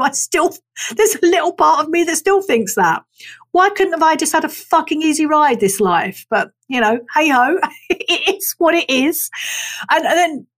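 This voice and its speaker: Woman, 40s or older, podcast host, frank, sweary, laughs a lot, slightly high voice. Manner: frank, sweary, animated, laughs often, acts out her own past thoughts. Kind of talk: candid solo podcast monologue.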